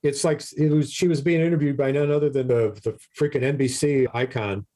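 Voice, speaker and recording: Animated, ranting male podcast co-host. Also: mid-range voice, fairly quick. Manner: animated ranting, swears freely, repeats words. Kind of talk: casual political chat.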